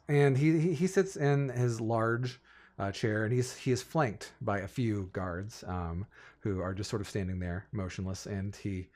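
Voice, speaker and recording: A man narrating as game master of a tabletop game, halting, with many fillers and restarts. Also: fairly low pitch, a little mellow.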